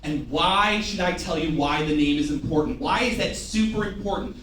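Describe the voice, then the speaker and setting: A man with a slightly high voice talks a little fast, barely pausing, as he leads an animated sales training full of jokes and call-and-response drills for staff. The large room holds a live audience, and the far-off recording has echo and a faint hiss or hum.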